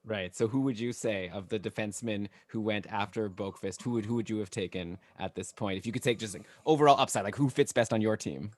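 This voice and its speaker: A man's voice: on the low side, fast talker, few pauses, no room sound. A man hosting a podcast in a casual chat, asking questions and teasing his guest. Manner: inquisitive, teasing. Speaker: podcast host.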